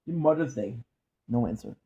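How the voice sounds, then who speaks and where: A man's voice: mid-range voice, lively intonation, fairly quick, warm tone, husky. A man with a French accent, chatting casually in a vlog and giving a rambling movie review full of filler sounds. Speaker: vlogger. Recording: dull lo-fi recording.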